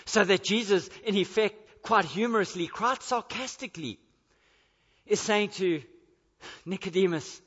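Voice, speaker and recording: Bright high-voiced male preacher. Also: unhurried, breathy edge. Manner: emphatic, repetitive, building to forceful declarations. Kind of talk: sermon. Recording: echoey hall, dull lo-fi.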